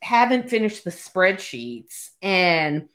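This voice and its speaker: A woman's voice: on the low side, sing-song, takes it slowly, a bit bright. A woman hosting a podcast, animatedly retelling a book's plot in casual chat and swearing freely. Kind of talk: casual book recap.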